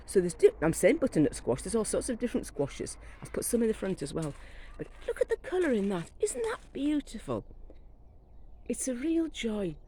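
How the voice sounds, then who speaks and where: Her voice is on the high side and mellow. A middle-aged woman gives a casual tour of her back garden, chatting loosely and raving about her plants while she catches a cold; she films on a hand-carried phone camera, so the low-quality recording has a little hiss or hum.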